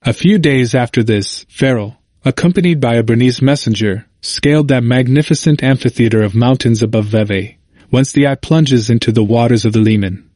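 A man reading a church history aloud in a measured audiobook narration, lifting his voice for quoted shouts. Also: no room sound. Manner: measured, raising pitch for quoted cries.

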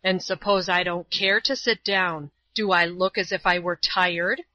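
Woman putting on a blustering drunk brute in a storybook, slow and loud, dry audio. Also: on the low side, fairly even intonation, no echo, highs cut off. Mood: gruff. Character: drunken, threatening brute of a man.

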